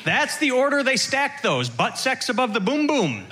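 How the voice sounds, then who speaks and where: A man doing stand-up comedy with a deliberate setup-and-punchline delivery. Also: very high-pitched, very animated, background noise.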